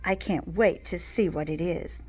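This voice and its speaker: A woman's voice: fairly low pitch, a little slow, darkish tone, husky, faint music behind. A woman voicing a friendly schoolgirl in a read-aloud storybook, whispering to a classmate. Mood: whispery. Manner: whispering, conspiratorial.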